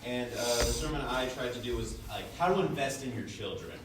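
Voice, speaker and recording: A man's voice: medium pitch, brisk, background noise. Give me a young male student presenting casually, heard from far off in a roomy classroom. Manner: casual storytelling, frequent "like" fillers. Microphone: far room mic.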